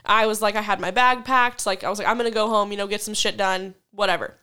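A woman's voice: mid-range voice, clear, resonant tone. A woman in her twenties, a podcast co-host, telling a story in a casual chat, swearing freely and laughing as she goes. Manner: profane, animated storytelling with quick laughs.

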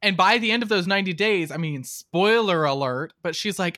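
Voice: mid-range voice, fairly quick, bright, forceful tone, no echo. A podcast co-host in a casual chat, mocking a movie with sarcastic asides and exasperated acted-out reactions.

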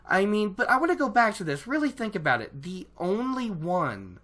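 A book vlogger talking casually to their viewers, excitable and rambling, often restarting sentences and laughing at themself. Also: mid-range voice, moderate pace. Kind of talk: casual book discussion to camera.

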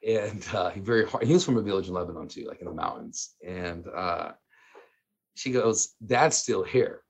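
Husky lowish guy in his 30s, chatty storyteller, laughs a lot. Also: moderate pace. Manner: animated, laughing often, many fillers. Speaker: guest. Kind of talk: casual storytelling.

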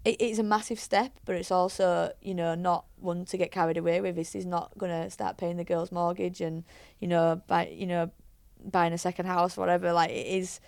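Chatty woman with a gravelly edge. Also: lowish voice, flat delivery, moderate pace, few pauses, darkish tone, no echo. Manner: chatty storyteller, frequent fillers and restarts. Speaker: head coach, podcast guest. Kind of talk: casual interview chat.

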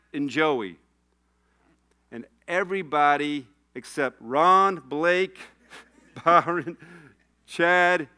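A male preacher with a bright, ringing voice, clear and resonant as he tells a story from the pulpit. His delivery builds from easy storytelling into fervent, passionate exhortation. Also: a little high. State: tearful. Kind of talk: sermon with personal story.

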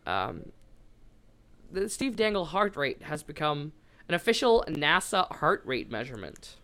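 Woman, podcast co-host, chatty and loose with fillers, very clear resonant tone. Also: low-pitched, big pitch swings, a little slow, a bit bright. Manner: chatty, lots of fillers, swears casually. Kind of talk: casual chat.

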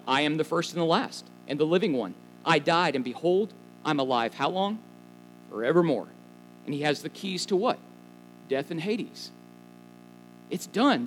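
A male pastor delivering a sermon with lots of rhetorical questions and chatty asides. His pitch sits a little high and swings widely as he teaches. Soft music plays faintly behind him. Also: rough recording. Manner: animated, conversational preaching with asides and questions to listeners.

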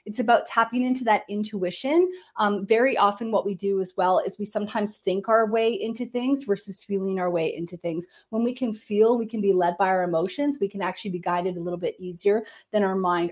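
Woman, medium, live-stream psychic reading, gentle and meandering, lots of fillers, mid pitch, computer mic. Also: brisk.

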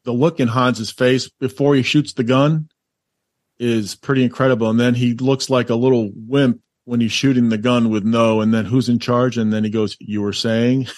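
A man's voice: mid-range voice, level tone, normal speed, a little mellow, no room sound, studio quality. A man hosting a podcast in casual chat, rambling and laughing often with many restarts. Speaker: podcast host.

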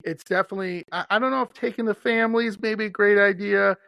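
A man's voice: sits high, fast talker, creaky, no room sound. Chatty man hosting a podcast. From Wisconsin. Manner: chatty, animated storyteller who laughs often. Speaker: podcast host. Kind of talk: casual podcast chat.

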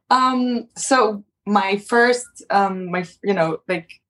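A woman's voice: mid-range voice, extremely slow, a bit bright. A young woman, a native Polish speaker, talking in a casual interview with many restarts and fillers. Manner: hesitant, many restarts and fillers, laughs often. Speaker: interview guest, model.

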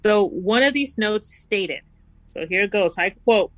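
A woman hosting a casual true crime podcast, telling the story and reading quotes out slowly and deliberately. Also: mid-range voice, expressive, no echo, poor audio.

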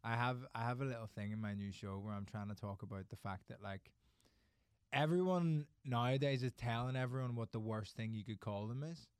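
A man's voice: medium pitch, brisk, clear, resonant tone, no room sound, clean studio sound. A man with a Northern Irish accent, a comedian chatting on a podcast in a sweary, wry way. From Northern Ireland. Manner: sweary, wry, jumps into bits with quoted voices. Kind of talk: casual podcast banter.

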